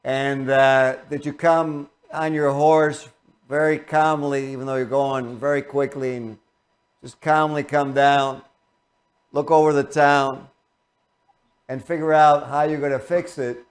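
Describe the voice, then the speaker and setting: A man's voice: mid-range voice, flat delivery, unhurried. A male interview host who asks questions and pays rambling, effusive compliments. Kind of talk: casual interview talk.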